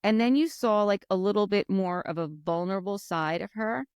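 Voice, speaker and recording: A woman co-hosting a podcast, chatting casually and retelling scenes in an animated way. Her voice sits in a middle pitch range. The recording is close and dry, with no room sound. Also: normal speed, clear, resonant tone, no echo. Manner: chatty, recaps scenes and acts out quotes. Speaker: podcast co-host. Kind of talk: casual chat.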